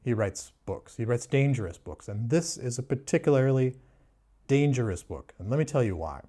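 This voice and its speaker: A man giving a sarcastic, mock-serious book review in a deadpan way. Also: medium pitch, normal speed. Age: adult. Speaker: booktuber.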